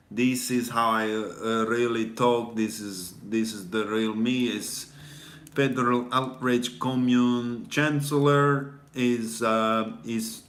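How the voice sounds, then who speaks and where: A man's voice: medium pitch, a bit bright, roomy sound. A comedian voicing a scheming, centuries-old male Russian vampire in a put-on Russian accent, gloating and menacing.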